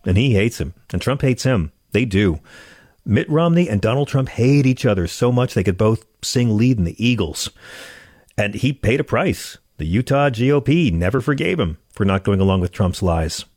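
A man's voice: lowish voice, lively intonation, moderate pace, a little mellow, no room sound, studio quality. A man hosting a comedic political monologue, sarcastic and ranting, stammering as he gets worked up. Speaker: show host.

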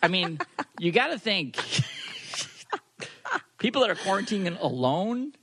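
A man's voice: high-pitched, big pitch swings, measured pace, fairly bright tone, husky. A man co-hosting a podcast in casual chat, reading listener posts aloud and joking at his own expense. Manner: joking, self-deprecating. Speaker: podcast co-host.

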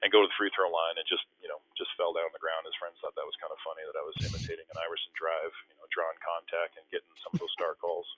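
A man telling a story in casual conversation as a former pro basketball player, animated and acting out quotes in different voices. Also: deep voice, quick pace, hardly any pauses. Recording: phone-like, dry.

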